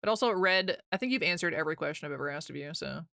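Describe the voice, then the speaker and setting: A woman's voice: low-pitched, very fast, creaky, sharp tone. A young American woman streaming live, chatting casually with her viewers, rambling and laughing often as she reads chat aloud.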